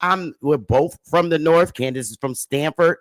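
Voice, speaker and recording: A woman from Connecticut hosting her own livestream, ranting bluntly and with plenty of profanity, swinging between loud, animated bursts and quieter, lower stretches. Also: moderate pace, dry recording. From Bridgeport, Connecticut. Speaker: livestream host. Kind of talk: casual livestream rant to her audience.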